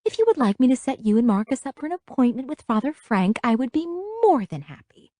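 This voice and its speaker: A woman's voice: mid-range voice, very animated, moderate pace, a little mellow, dry recording, studio quality, pitched above the performer's own voice, lightly acted. Woman doing a preachy, scolding churchgoing mother. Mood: lecturing. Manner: lecturing, instructive, finger-wagging. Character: devout scolding middle-aged mother, preachy.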